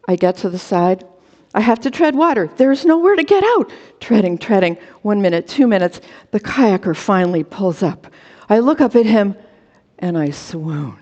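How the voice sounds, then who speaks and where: A woman's voice: fairly high pitch, very animated, normal speed, darkish tone. A woman performing a comic true story for a storytelling contest, with dramatic timing and short, punchy phrases over a video call. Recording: dull lo-fi audio with long reverb.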